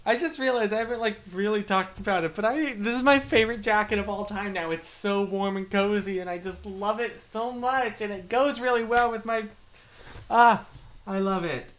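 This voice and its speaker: A man's voice: high-pitched, steady tone, normal speed, fairly bright tone. A young man hosting a livestream, chatting playfully and answering viewer comments with self-deprecating humor. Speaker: livestream host. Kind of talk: casual livestream chat, reading comments.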